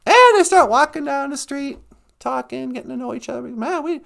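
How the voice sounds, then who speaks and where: High-pitched, gravelly male storyteller. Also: expressive, brisk, fairly bright tone. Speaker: podcast host. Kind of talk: joke storytelling.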